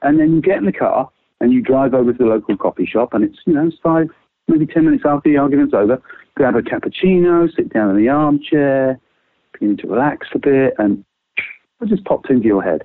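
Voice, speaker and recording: Energetic man on a tinny line. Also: brisk, dry recording. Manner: lively, swings pitch widely, casual swearing. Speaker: creativity trainer, guest. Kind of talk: animated explaining with quick exercises. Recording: dry, phone-like narrow sound.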